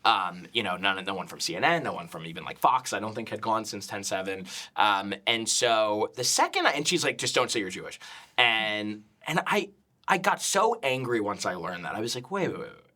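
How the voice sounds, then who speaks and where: Animated young man telling a story. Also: fairly low pitch, moderate pace. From United States. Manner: animated, frequent restarts, mimics other people's voices in quotes. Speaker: comedian and social media creator, interview guest. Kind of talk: casual storytelling interview.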